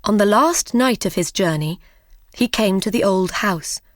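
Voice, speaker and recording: A woman narrating a simple fairy tale for English learners, with careful, clearly phrased reading. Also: mid-range voice, animated, a little slow, dry recording, clean studio sound.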